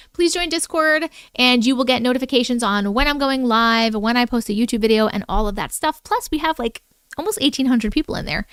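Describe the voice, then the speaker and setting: A woman's voice: on the high side, a bit bright, clean tone, no echo, clean studio sound. A woman hosting a casual livestream, chatting and reading viewers' stories aloud in a playful manner that keeps breaking into jokes.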